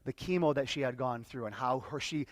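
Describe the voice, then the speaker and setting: A man's voice: mid-range voice, no room sound. Emotional man telling a story, dry sound. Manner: emotional, halting, repeats words. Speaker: workshop speaker. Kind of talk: personal storytelling to a live audience.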